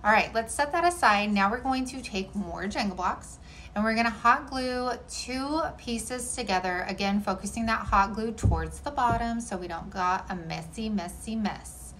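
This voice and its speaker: A woman's voice: fairly high pitch, moderate pace, fairly bright tone, a little hiss or hum, low-quality recording. A woman chatting through a home decor DIY tutorial in an upbeat, friendly way, often saying "y'all". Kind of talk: casual tutorial narration.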